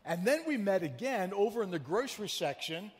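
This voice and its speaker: A man preaching a sermon as pastor, telling a story in a chatty, animated way and teasing his congregation. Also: high-pitched, a little fast, long reverb tail. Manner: conversational, animated storyteller who teases the congregation. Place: church sanctuary.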